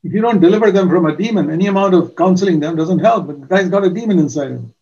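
An older man preaching a sermon, giving earnest testimony with slow, emphatic pauses. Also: sits high, warm tone, lo-fi sound.

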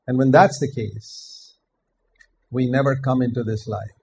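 An older man preaching a sermon in an earnest, measured way, repeating his key phrases for emphasis. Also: medium pitch, steady tone, gravelly, darkish tone, slight background noise, low-quality recording.

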